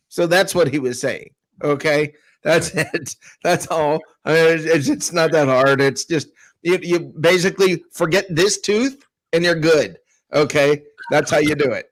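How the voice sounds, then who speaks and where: A man co-hosting a casual sports talk show, ranting with sarcasm and mocking others' calm know-it-all tone. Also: a little high, unhurried. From Tampa. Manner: animated, sarcastic, mocks others in a calm put-on voice. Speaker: co-host.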